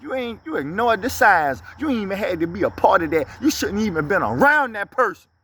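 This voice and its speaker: Blunt high-voiced preacher man. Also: sing-song, fairly quick, fairly bright tone, slight background noise. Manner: blunt, preachy, scolding, rhetorical questions. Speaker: inspirational speaker. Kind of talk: motivational preaching monologue.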